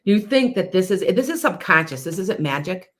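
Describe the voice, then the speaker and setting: A woman with a slightly low voice hosts a live psychic podcast. She talks in a loose, rambling way, circling back and repeating phrases as she reads out and answers viewers' comments. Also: expressive, moderate pace, fairly bright tone. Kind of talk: casual live-stream chat.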